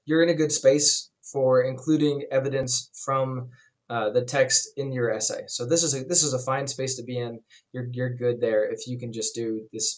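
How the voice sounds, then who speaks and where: A man teaching a writing class in a relaxed, conversational way, with frequent fillers as he explains. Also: mid-range voice. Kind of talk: recorded class lecture.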